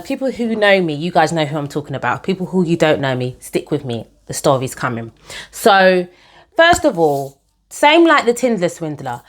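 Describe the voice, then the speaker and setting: A young woman telling her own story to camera in a chatty, animated way, often calling her viewers guys. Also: fairly low pitch.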